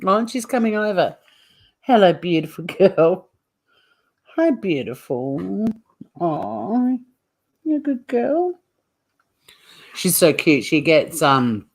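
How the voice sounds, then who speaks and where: An Australian woman hosting a livestream, giving chatty, blunt commentary with laughing asides. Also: rumbling low. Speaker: livestream host. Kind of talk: casual live commentary.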